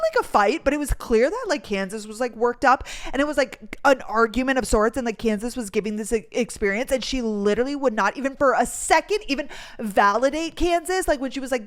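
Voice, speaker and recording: A woman, hosting a podcast in heated, chatty storytelling full of "like". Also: on the high side. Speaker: podcast host. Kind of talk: casual chat.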